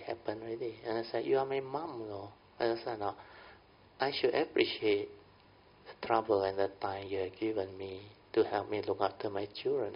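Middle-aged Malaysian-English man, Buddhist teacher, gravelly voice, folksy Dhamma talk, lo-fi recording. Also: lowish voice. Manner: folksy, often checks in with "understand?". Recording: dull lo-fi recording.

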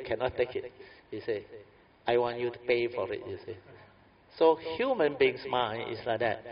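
Guy giving a buddhist talk, chatty storytelling, lots of "eh?" and "you know", muffled lo-fi sound. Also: medium pitch. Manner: chatty, anecdotal, frequent fillers and tag questions. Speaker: Buddhist teacher. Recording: dull lo-fi recording.

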